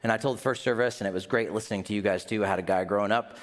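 Speaking rapid-fire in a fairly low, steady voice, a Midwestern-accented man preaches as pastor. His sermon is conversational, full of questions to the congregation and small scenes performed in mock voices.

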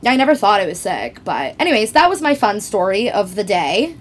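A woman guest on a podcast, telling a story in casual chat, animated and self-mocking with frequent laughs. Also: mid-range voice, a little fast, slight background noise.

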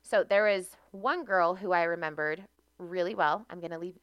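A woman's voice: lowish voice, normal speed, clear, resonant tone, no room sound, lo-fi sound. A young American woman, a podcast guest, telling stories from her life in a chatty way and laughing often. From United States. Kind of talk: casual podcast conversation.

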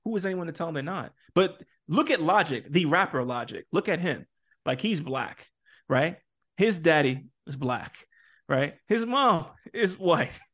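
A man with a slightly higher voice talks in a loose podcast conversation. He is emphatic and animated, laughs easily and stumbles through restarts while pushing his point. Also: a little slow. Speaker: podcast co-host; parent. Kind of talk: casual podcast chat.

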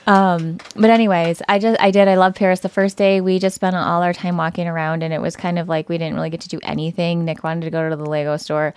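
A woman's voice: fairly low pitch, quick pace, hardly any pauses, clear, resonant tone, no room sound, studio quality. A woman from the United States co-hosting a podcast, telling travel stories in casual chat and teasing her partner with playful impressions. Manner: animated storytelling, playful teasing. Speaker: podcast co-host.

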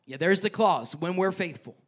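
A man's voice: high voice, lively intonation, moderate pace. A man preaching a sermon as pastor, reading scripture and joking with the congregation, with a passionate delivery. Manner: passionate, joking asides, reads scripture aloud.

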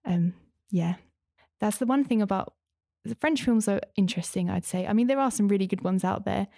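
A woman's voice: mid-range voice, brisk, creaky, mellow, no room sound, clean studio sound. A young woman in casual conversation, talking in a chatty, rambling way with many fillers. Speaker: interview guest, former language student.

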